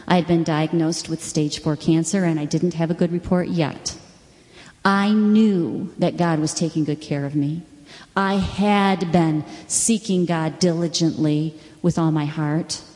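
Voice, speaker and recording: A middle-aged woman giving an earnest personal testimony as a Bible teacher, telling stories and quoting scripture with bursts of excitement. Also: fairly low pitch. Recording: long hall reverb.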